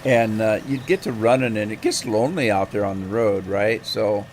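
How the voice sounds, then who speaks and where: A man's voice: lowish voice, moderate pace, a little mellow, slight background noise. Man rambling through a road story. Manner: rambling, folksy, with lots of fillers and restarts. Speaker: game streamer. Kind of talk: casual storytelling while gaming.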